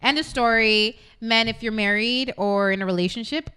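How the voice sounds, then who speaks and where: A young adult woman co-hosting an internet radio talk show, telling a story in a casual, animated way and acting out the voices of the people in it. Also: a little high, clean tone. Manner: fast-talking, animated, acts out quoted voices.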